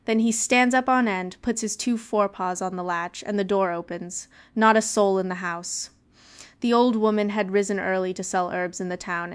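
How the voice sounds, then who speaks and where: Female storybook narrator; lively, with a smooth, resonant voice. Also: mid-range voice. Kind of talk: storybook reading.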